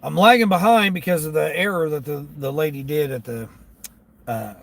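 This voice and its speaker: A man who drives for delivery apps, talking casually to his viewers from his car and grumbling as he thinks out loud about the orders he gets. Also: on the high side, normal speed. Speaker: gig delivery driver vlogger. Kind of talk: casual talk while driving. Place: inside a car.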